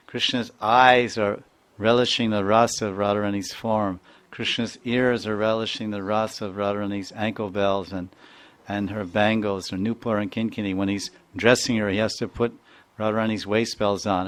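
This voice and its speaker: Low-voiced man giving a devotional lecture. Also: normal speed, clean tone. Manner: animated, playful, mimics sounds and voices, chuckles often; chants Sanskrit verses. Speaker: spiritual teacher.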